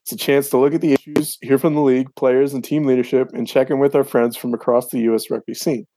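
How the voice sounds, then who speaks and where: Brisk man hosting a podcast, dry sound. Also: mid-range voice, little pitch movement, mellow, dry recording. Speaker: podcast host.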